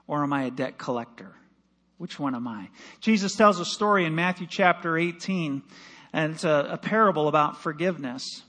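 A male pastor delivering a sermon, building to emphatic peaks and dropping to a hush, and reading scripture aloud with acted voices. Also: a little high. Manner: preaching with rising emphasis and dramatic drops to a hush.

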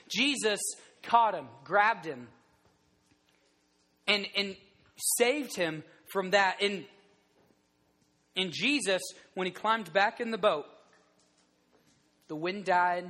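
A man in his thirties preaching a sermon to a group, telling the story in an animated way with many restarts. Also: high-pitched, takes it slowly, pauses often, in a large hall. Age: 30s.

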